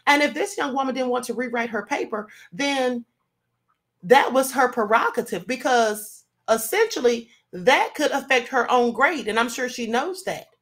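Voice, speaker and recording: A woman's voice: fairly high pitch, expressive, normal speed, a bit bright. A woman hosting her own show, giving indignant commentary full of rhetorical questions. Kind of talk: casual commentary.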